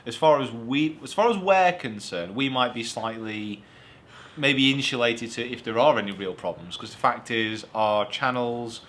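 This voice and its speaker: A man's voice: medium pitch, moderate pace, fairly bright tone. A young man from the United Kingdom, a golf coach co-hosting a casual Q&A. He talks in an easygoing, rambling way. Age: young adult. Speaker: golf coach and show co-host. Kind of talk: casual Q&A chat.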